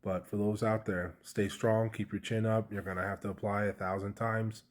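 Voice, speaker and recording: Candid man telling his story, lowish voice. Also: little pitch movement, moderate pace. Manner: chatty and candid, with slang and frequent fillers. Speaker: vlogger sharing a personal story. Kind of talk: casual storytelling to camera.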